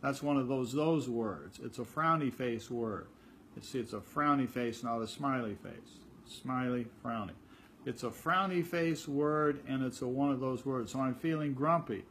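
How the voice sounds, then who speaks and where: A man's voice: mid-range voice, measured pace, a bit bright, a little hiss or hum. An older man giving an informal spiritual talk. He speaks conversationally, repeats words and acts out little dialogues. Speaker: spiritual teacher.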